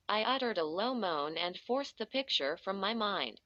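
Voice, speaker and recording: A woman narrating a first-person story in a slow, measured reading. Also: mid-range voice, animated, bright, forceful tone, dry recording. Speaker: audiobook narrator. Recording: dull lo-fi dry recording.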